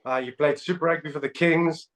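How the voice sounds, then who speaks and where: Animated high-voiced male podcast host. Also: a little fast, poor audio. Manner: animated storytelling, laughs often. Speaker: podcast host, former rugby player. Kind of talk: casual chat.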